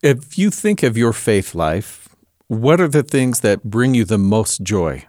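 A man asking interview questions in a calm way. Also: on the low side, slow, dry recording, studio quality.

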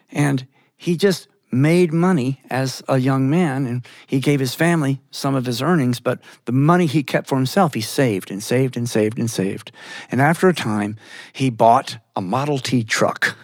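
A man from Georgia, telling a story in an animated way with chuckling asides. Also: a little high, no echo, studio quality. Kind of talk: storytelling performance.

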